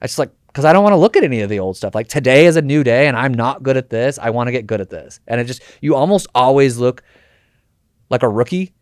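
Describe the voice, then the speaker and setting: A man's voice: medium pitch, lively intonation, fast talker, dry recording, clean studio sound. A man hosting a podcast interview, talking casually and energetically, slipping in slang and acted-out quotes. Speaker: podcast host.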